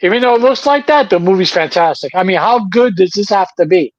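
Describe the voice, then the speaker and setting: This is a man with a high, very lively voice, talking in a casual chat as co-host. He sounds animated and incredulous. The recording is dull and lo-fi but dry. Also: a little fast, dry recording. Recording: dull lo-fi mic.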